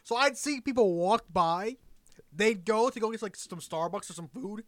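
A man's voice: sits high, fairly bright tone, no room sound, studio quality. A man from Florida on a podcast, telling stories in casual chat and laughing often. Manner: fast, laughing storyteller. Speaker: podcast guest.

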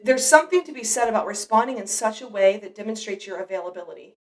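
A woman's voice: mid-range voice, fast talker, few pauses, distant mic, poor audio. A mother giving an earnest, reflective devotional Bible teaching, speaking directly to the listener.

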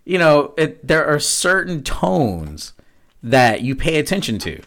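A man's voice: fairly high pitch, sing-song, a bit bright. A man appearing as a podcast guest, rambling playfully in casual chat. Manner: playful, rambling, quick to laugh.

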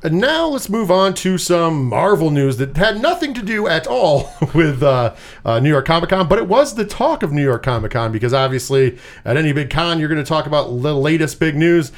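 A man hosting a casual pop-culture chat, animated and swearing freely, with lots of repeated words. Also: on the high side, normal speed. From US Northeast. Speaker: podcast host.

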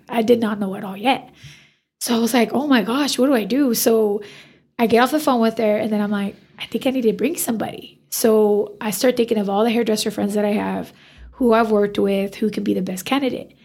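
A woman's voice: mid-range voice, a little fast, creaky, breathy edge. A woman, a hairstylist, telling a story in a casual interview and acting out the dialogue. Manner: animated, acts out quoted dialogue. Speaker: hairstylist guest.

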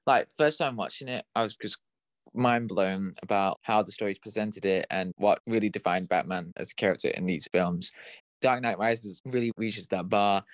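A man's voice: fairly low pitch, moderate pace, no room sound. A man co-hosting a podcast, talking loosely and rambling in casual chat. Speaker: podcast co-host.

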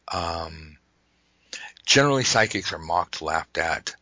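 A man's voice: lowish voice, animated, normal speed, sharp tone, dry recording, highs cut off. A man hosting a casual podcast conversation, rambling and joking, often stopping to restart his thoughts. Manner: rambling, self-interrupting, jokey. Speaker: podcast host.

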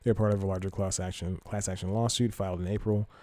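A man's voice: low-pitched, fairly even intonation, quick pace, darkish tone, dry recording. A man hosting a podcast, reading entertainment news aloud and rambling through it with self-corrections and casual asides. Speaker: podcast host.

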